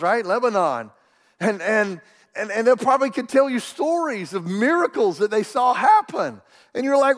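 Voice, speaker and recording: A man, preaching a sermon with stammering restarts, swinging between loud cries and hushed whispers. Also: sits high. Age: 60s. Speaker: pastor. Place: church sanctuary. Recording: long hall reverb in a church.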